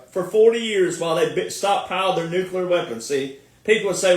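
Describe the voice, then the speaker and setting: A high-voiced American man, a military veteran, rants in an animated online commentary at a moderate pace with a slightly bright tone. He's sarcastic and mocking, often breaking into laughter. The room is echoey and he sits far from the mic.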